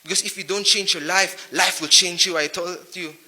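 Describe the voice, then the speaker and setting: A man's voice: sits high, fairly even intonation, moderate pace, pushed and bright. A man with a Naga accent giving a preachy motivational talk to young men, full of rhyming wordplay and rhetorical questions.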